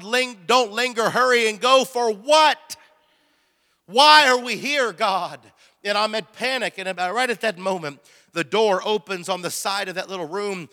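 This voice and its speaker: A man preaching a missionary testimony as a sermon, telling his story with high-strung, excitable energy. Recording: long hall reverb.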